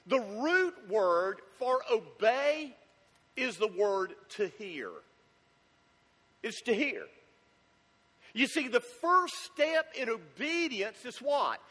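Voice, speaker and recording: High-voiced, unhurried preacher man. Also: sing-song, pushed and bright. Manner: emphatic, repetitive preaching with rhetorical questions. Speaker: pastor. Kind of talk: sermon. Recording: long hall reverb.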